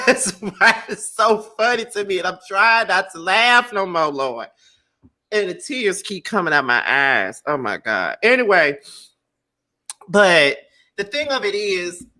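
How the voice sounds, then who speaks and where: A man co-hosting a casual show, talking in an animated way, often breaking into loud laughter and exclamations. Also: high-pitched. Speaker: co-host reviewing a reality show. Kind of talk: casual chat.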